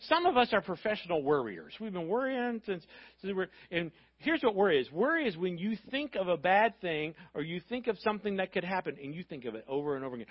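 A fairly high-pitched man preaches to his church in a chatty, conversational way, tossing in asides and repeating himself for emphasis. The recording sounds dull and lo-fi. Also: very animated, fast talker. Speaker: pastor. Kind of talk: sermon. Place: church sanctuary.

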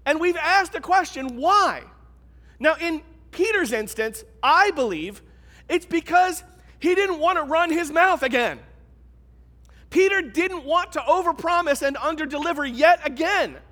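A man's voice: very high voice, lively intonation, a little slow, pushed and bright. A man pastor preaching a sermon in a church, in a conversational, emphatic way. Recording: long reverb of a large hall.

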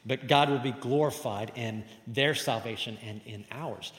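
A man preaches with emphatic swells, his voice climbing louder on key words and sinking softly after. His mid-range voice rings through a roomy hall with a long, trailing reverb. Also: mid-range voice, moderate pace. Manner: emphatic, rises and falls in loudness for stress. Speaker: pastor. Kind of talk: sermon.

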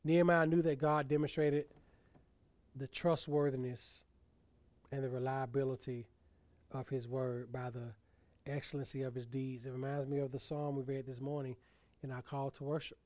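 A male pastor preaching a sermon, building to emphatic peaks and letting phrase endings fall soft and low. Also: level tone, normal speed, no echo.

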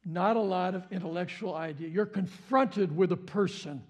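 A man with a high, light voice delivers a sermon as a pastor. He builds with repetition, leans on phrases again and again, and breaks into sudden sharp exclamations. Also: normal speed. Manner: impassioned, repeats phrases, jumps to high exclamations.

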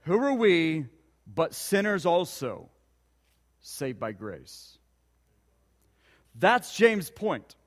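A man's voice: fairly high pitch, very animated, very slow, long pauses, big-room sound. A man preaching a sermon, telling a personal story and asking earnest rhetorical questions. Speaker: pastor.

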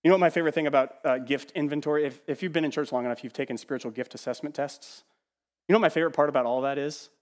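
A man preaching a sermon as pastor, animated, sometimes mimicking the voices he quotes and dropping to a hush. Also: fairly high pitch, rapid-fire, long reverb tail. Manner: animated, acts out quoted voices, swings from loud to hushed. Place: church sanctuary.

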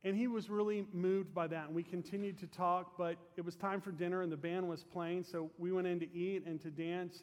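Earnest and fervent, a man with a fairly high voice tells a story in his sermon as pastor, letting each phrase end softly before he moves into prayer. A long reverb tail trails his words.

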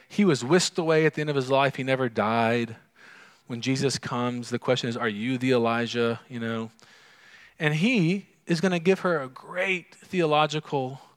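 A pastor with a smooth, mid-range voice preaches conversationally to his congregation, swinging between loud emphasis and quiet hushes. He frequently asks his listeners questions.

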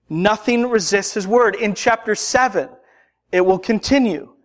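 A man preaching a sermon, emphatic and deliberate, building through repeated rhetorical questions. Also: sits high, fairly bright tone, in a large hall.

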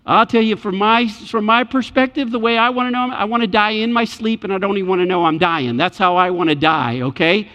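A man preaching a sermon in a church, animated and acting out the voices in the scripture scenes he retells. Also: sits high, a little fast, few pauses. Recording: muffled church hall reverb.

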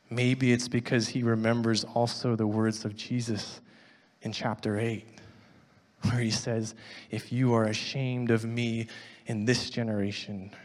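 Guy preaching a sermon, reading scripture, gets loud then drops almost to a whisper, big hall echo. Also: on the low side. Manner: swings from loud emphasis to hushed, near-whispered lines. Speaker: pastor.

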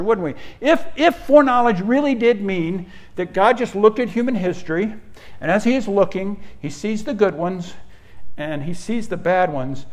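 A pastor delivers a sermon in a slightly high voice. He preaches emphatically, often restarting his sentences and repeating words as he builds a point.

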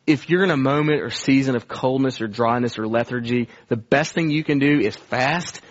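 A man's voice: medium pitch, normal speed. A male pastor preaching a sermon to his church in an earnest, conversational way. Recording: dull, lo-fi sermon recording.

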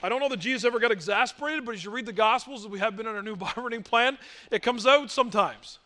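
A man's voice: extremely high pitch, fast, sharp tone. A male pastor preaching a sermon, emphatic, asking rhetorical questions and mimicking doubters.

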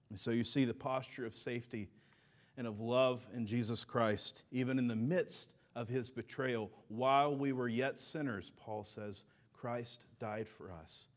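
A middle-aged man preaching a sermon as a pastor, earnest, building to emphatic peaks and dropping soft. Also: mid-range voice, unhurried.

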